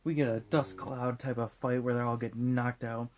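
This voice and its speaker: A man's voice: mid-range voice, flat delivery, normal speed, a little mellow. A drunk man hosting a comedic movie recap in a rambling, profane, jokey way. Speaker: host.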